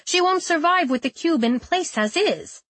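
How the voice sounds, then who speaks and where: A woman's voice: extremely high pitch, lively intonation, normal speed, fairly bright tone, voice pushed up. A woman voicing a firm, decisive lead medic who speaks resolutely.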